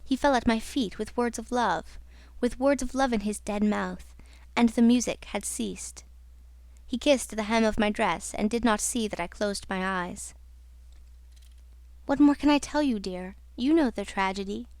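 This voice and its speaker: A woman narrating an audiobook in a slow, dramatic reading style. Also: a little high, a little mellow, dry recording. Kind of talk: scripted narration.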